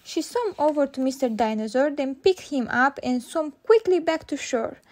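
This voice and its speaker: A woman narrating a children's storybook read-aloud with clear, steady narration. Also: high-pitched, normal speed. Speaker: storybook reader.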